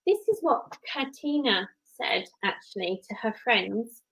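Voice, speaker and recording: With a fairly high, slightly bright voice, a breathy edge, and lively intonation, this English-accented woman speaks unhurriedly on her casual live stream. She is a work-from-home mum, rambling and friendly, talking to both her viewers and her child. There is no room sound, and the audio quality is poor.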